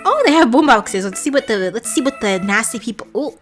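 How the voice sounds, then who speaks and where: A young woman narrates her game session in an excited, scandalized rush, laughing and shrieking. Her voice sits fairly high, with soft music playing under her. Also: brisk. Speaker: gaming vlogger. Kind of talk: excited reaction commentary while playing.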